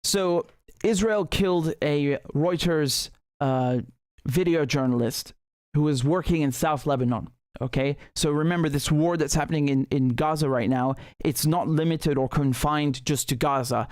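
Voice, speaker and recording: A man's voice: on the high side, normal speed, a little mellow, no echo, clean studio sound. A male host giving heated, emphatic political commentary on a livestream, often restarting his sentences.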